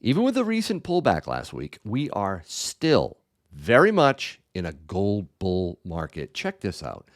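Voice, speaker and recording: Lively low-voiced older man hosting. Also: a little slow. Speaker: channel host. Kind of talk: casual chat and commentary.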